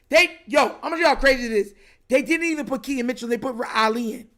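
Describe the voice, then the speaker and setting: A man's voice: very high voice, quick pace, sharp tone. A young man hosting a livestream, ranting in frustration about a football game, slangy and repetitive. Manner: frustrated, repetitive, slangy, says bro constantly. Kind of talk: casual livestream rant.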